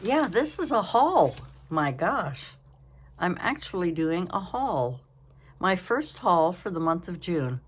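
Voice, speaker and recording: A woman's voice: on the low side, big pitch swings, takes it slowly, husky. An older woman hosting a casual crafting vlog from home, tired and yawning, chatting in a rambling, apologetic way. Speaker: craft channel host.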